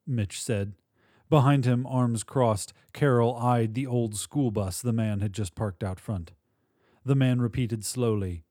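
Male podcast host narrating fiction; slow, mellow voice, dry close sound. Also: medium pitch, no room sound. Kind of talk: scripted story narration.

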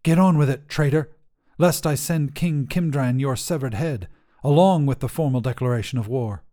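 Brief: male reader playing a menacing woman guard, raised voice, mellow tone. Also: medium pitch, normal speed, pitched above the performer's own voice, natural voice. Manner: curt, menacing. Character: gruff, threatening armored female guard.

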